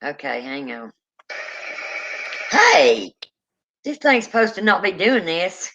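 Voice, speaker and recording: Teasing woman host, slow speech. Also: medium pitch, big pitch swings, gravelly, fairly bright tone, dull audio, a little hiss or hum. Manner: teasing, quick to laugh. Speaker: paranormal show host. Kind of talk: casual livestream chat.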